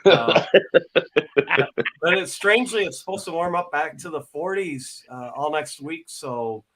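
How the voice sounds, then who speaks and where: A man hesitates often and fills pauses in a casual online panel chat. His voice is bright and forward. It sits a bit high for a man. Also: rough recording. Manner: hesitant, lots of fillers. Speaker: panel participant.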